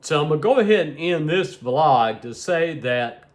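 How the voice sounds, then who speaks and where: A man's voice: on the high side, lively intonation, moderate pace. A middle-aged man rambling to his viewers in a casual vlog, sleepy and yawning, often repeating himself. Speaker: vlogger.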